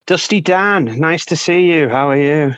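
A man's voice: on the high side, unhurried, no room sound, dull audio. A man with a Northern English accent, a cricket correspondent, chatting in a teasing, rambling way with fillers. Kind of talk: casual cricket chat.

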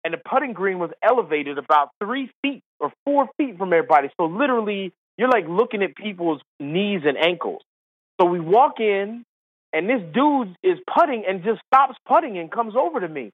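Man, high pitch, animated storyteller, laughs a lot, dry phone-line audio. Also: normal speed, husky, no room sound. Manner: animated, mimics people in quotes, laughs often. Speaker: guest, former caddie and comedian. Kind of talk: casual storytelling.

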